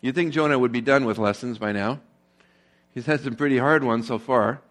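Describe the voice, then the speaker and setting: A man's voice: medium pitch, brisk, a bit bright. A man preaching a sermon in a conversational tone. He asks the congregation rhetorical questions and grows more emphatic as he drives home a point. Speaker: pastor.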